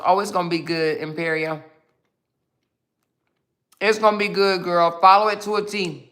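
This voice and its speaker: A woman's voice: fairly low pitch, fairly even intonation, moderate pace, long pauses, a bit bright. A woman hosting a casual livestream who reads out viewer comments, snacks as she talks, and answers back in a sassy, mocking way. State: snacking while talking. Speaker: livestream host.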